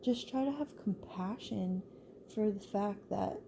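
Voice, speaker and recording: A woman talks through a story in a relaxed, conversational way, and her words spill out with fillers and false starts. Her voice is very dark and mellow and sits at an ordinary middle pitch. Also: measured pace, creaky, slight background noise. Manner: loose and chatty, full of "like" and restarts. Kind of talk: casual spoken storytelling.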